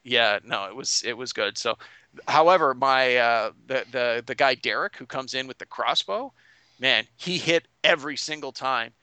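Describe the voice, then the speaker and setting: Game master, bright forceful voice, rambling chat, dry close mic. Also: male voice, medium pitch, normal speed, clean tone, no echo. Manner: rambling, many restarts and fillers. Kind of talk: casual podcast recap.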